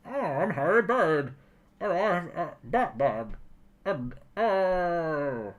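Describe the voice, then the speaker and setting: A man's voice: a little high, expressive, low-quality recording. A man putting on a masked movie villain's voice, grumbling scornfully about a boring match. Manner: slow, scornful muttering.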